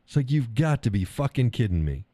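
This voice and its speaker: A man's voice: medium pitch, big pitch swings, fairly quick, warm tone, dry recording. A middle-aged man hosting a live stream, talking casually in a blunt, profane way and laughing often. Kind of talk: casual opinionated monologue.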